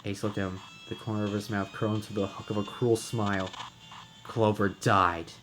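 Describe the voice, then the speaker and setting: Low-voiced man reading a game aloud. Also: level tone, quick pace, a little hiss or hum. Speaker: game reader and narrator. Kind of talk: reading a visual novel aloud.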